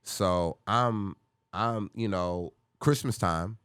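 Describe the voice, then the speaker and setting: Middle-aged male comic, low-pitched, recorded close and dry, casual animated storyteller who swears. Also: extremely slow, clear, resonant tone, no room sound. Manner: animated, acts out voices in his stories, curses freely. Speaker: comedian guest.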